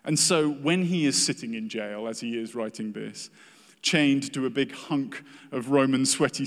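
Earnest preacher man in a reverberant hall. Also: mid-range voice. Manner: earnest, acts out quoted complaints. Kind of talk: sermon.

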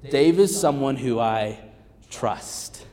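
A man in his thirties preaching a sermon as a guest pastor, conversational and animated, swinging from loud calls to hushed asides. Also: medium pitch, slow pace. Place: church sanctuary. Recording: long reverb of a large hall.

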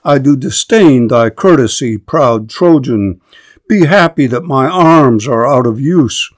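A man's voice: medium pitch, lively intonation, slow, no room sound. A man reading the part of a proud, scornful Greek warrior in formal verse.

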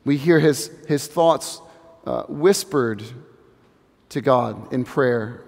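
A man in his thirties preaching a sermon, earnest and reflective, dropping to a hush for emphasis. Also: medium pitch, gravelly, long reverb tail. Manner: earnest, reflective, building slowly to hushed emphasis. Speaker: pastor.

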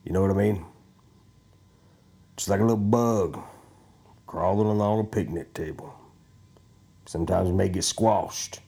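A man's voice: low voice, a little slow, gravelly, pauses often, mellow, slightly rough. A man hosting a podcast, rambling casually in a profane, joking, self-mocking way at home. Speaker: podcast host.

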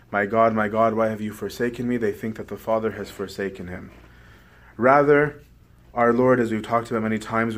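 A man preaching a sermon, explaining scripture and checking in with his listeners by asking "right?". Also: medium pitch.

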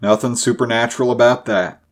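A man's voice: mid-range voice, steady tone, brisk, natural voice. A man voicing a blunt, grim character who speaks curtly and snappishly. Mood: dismissive. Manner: curt, snappish.

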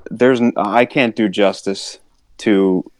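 Male podcast co-host, low pitch, loose rambling conversational delivery. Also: steady tone, slow, a little hiss or hum. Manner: rambling, restarts often, laughs a lot. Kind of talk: casual chat.

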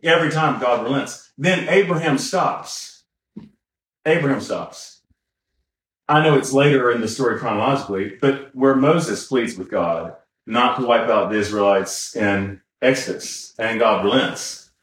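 A man's voice: medium pitch, moderate pace, a bit bright. A man co-hosting a podcast in casual chat, rambling and correcting himself with lots of fillers and chuckles. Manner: chuckles while talking. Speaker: podcast co-host. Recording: roomy echo.

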